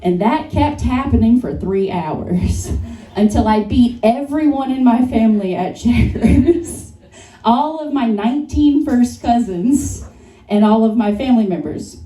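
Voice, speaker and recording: A young woman doing stand-up in a bar, her mellow, fairly high voice picked up from a distance. Self-deprecating and quick to chuckle at her own lines, the sound is roomy and echoey. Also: animated. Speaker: stand-up comedian and co-host. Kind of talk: stand-up comedy set. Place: comedy bar stage.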